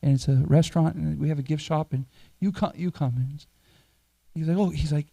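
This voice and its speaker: Middle-aged male priest, slightly high, mellow voice; chatty self-deprecating sermon anecdote. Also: fairly even intonation, fairly quick, gravelly. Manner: chatty, self-deprecating storyteller who chuckles at himself. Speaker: temple priest. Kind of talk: sermon told through a personal anecdote. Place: temple hall.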